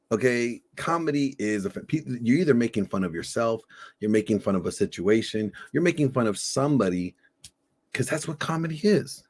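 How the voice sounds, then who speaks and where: Middle-aged guy riffing on a reaction show, lots of swearing, telling a long joke story. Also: mid-range voice. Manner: animated storyteller, swears freely. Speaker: podcast co-host reacting to a video. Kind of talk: casual profane reaction chat.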